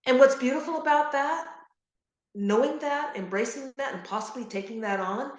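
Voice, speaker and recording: A middle-aged woman giving an earnest, animated motivational talk to grieving parents, repeating key phrases for emphasis. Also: sits high, moderate pace, roomy sound. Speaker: guest speaker on grief support.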